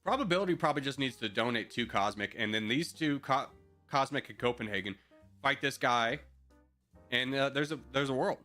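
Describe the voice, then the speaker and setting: A man's voice: mid-range voice, lively intonation, brisk, sharp tone, faint music behind. A man streaming a strategy game live, chatting with viewers in joking mock rants and laughing often.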